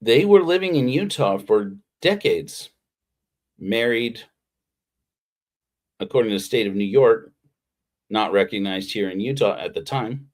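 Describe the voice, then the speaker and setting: Male pastor, lower voice, informal livestreamed sermon, meandering and sincere. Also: expressive, unhurried, pauses often, darkish tone. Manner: rambling, heartfelt, with frequent restarts. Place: Utah.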